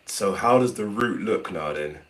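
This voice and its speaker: A man's voice: fairly low pitch, lively intonation, moderate pace. A man co-hosting a football fan livestream, talking casually and bluntly about the draw. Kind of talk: casual live chat.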